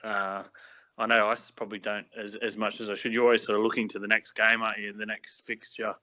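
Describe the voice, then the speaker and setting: Bright, dry-sounding man chatting casually. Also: fairly low pitch, fast, no room sound. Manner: relaxed, joking, hesitant with many fillers. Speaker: podcast guest. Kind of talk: casual podcast chat.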